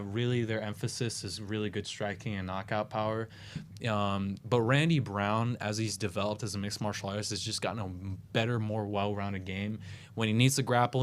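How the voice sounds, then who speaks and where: A man's voice: lowish voice, a little hiss or hum. Chatty man breaking down fights. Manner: talks in quick restarts with lots of "you know". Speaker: co-host giving fight picks. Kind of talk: casual sports betting chat.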